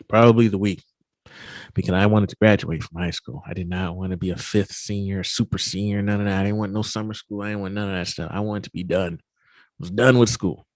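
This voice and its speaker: A man giving a keynote at a virtual summit, telling a personal story in an animated, emphatic way. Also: sits low, no room sound. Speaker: keynote speaker. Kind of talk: storytelling talk.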